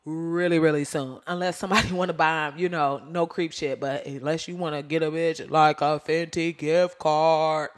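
A woman's voice: sits low, fairly even intonation, brisk, few pauses. A woman hosting her own podcast, ranting in a casual, slangy way, laughing often and going off on tangents. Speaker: podcast host. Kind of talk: casual solo podcast rant.

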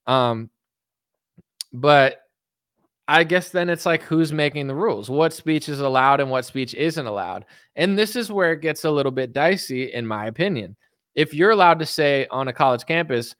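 Streamer host, male, animated riffing commentator, smooth clear voice, dry recording. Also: fairly high pitch, moderate pace, no room sound. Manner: animated, lots of "like" and restarts, slips into mock voices.

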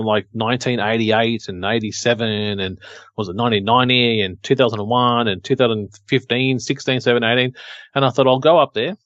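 A man's voice: mid-range voice, no room sound, lo-fi sound. A man co-hosting a podcast in casual, joking, rambling chat. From Australia. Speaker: podcast co-host.

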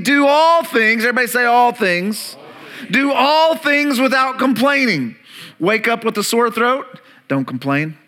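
A man's voice: high-pitched, sharp tone. A man preaching a sermon as pastor, emphatic and calling on the congregation to repeat words back.

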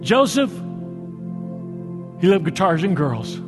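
High-voiced male pastor preaching. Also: very animated. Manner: dramatic, slowing for emphasis. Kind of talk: sermon. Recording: long hall reverb with music.

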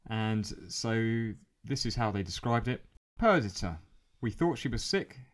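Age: adult. Sex: man. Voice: low, steady. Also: a little slow. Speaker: podcast panellist. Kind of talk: casual banter.

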